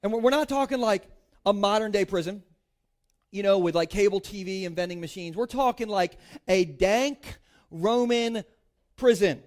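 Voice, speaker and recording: A pastor in his thirties from Delaware, United States, speaks with a high-pitched, darkish voice at a moderate pace. He preaches to a congregation from a church stage in a chatty, joking manner, using "like" often and tossing in playful asides.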